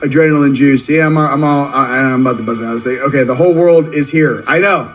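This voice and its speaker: A man hosting a livestream, mixing spiritual talk with excitable, laughing shout-outs to viewers' locations. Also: medium pitch, fairly quick, faint music behind, low-quality recording. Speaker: livestream host.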